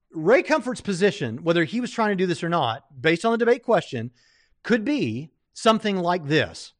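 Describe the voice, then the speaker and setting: A man hosts a live stream, talking through a debate in loose, rambling commentary full of fillers and restarts. His voice sits a little high, and the sound is dry and close with no room echo. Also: fairly bright tone. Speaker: livestream host reviewing a debate.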